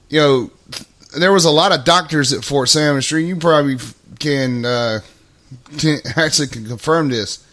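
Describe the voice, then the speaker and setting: A fairly high-voiced man hosts a loose, profane live talk show from home. He laughs through his sentences and swears without a pause. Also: a bit bright. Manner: laughs a lot, swears freely. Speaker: podcast host. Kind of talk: casual profane chat.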